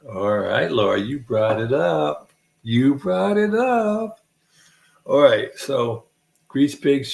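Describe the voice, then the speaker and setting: A man from the United States telling rambling, animated stories in a folksy way, chuckling at his own tales. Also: medium pitch, gravelly. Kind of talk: casual rambling anecdote. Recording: roomy echo.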